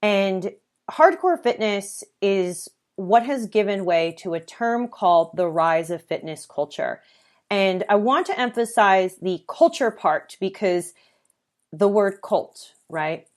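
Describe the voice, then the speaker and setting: A woman's voice: mid-range voice, expressive, takes it slowly. A woman hosting her own podcast, talking earnestly and conversationally, with lists and the occasional filler. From United States. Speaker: podcast host. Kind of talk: solo podcast monologue.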